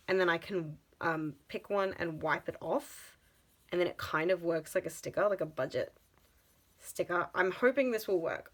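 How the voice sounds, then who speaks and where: A woman, chatting excitedly in a casual budgeting vlog, full of gasps and exclamations. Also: lowish voice, rough recording. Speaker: budgeting vlogger.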